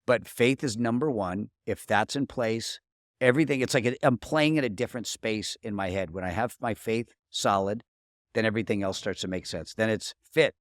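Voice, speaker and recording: A man's voice: lowish voice, normal speed, no echo, studio quality. A middle-aged man as a podcast guest, telling personal stories in an earnest, casual way with many restarts. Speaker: podcast guest, marketing coach. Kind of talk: casual interview talk.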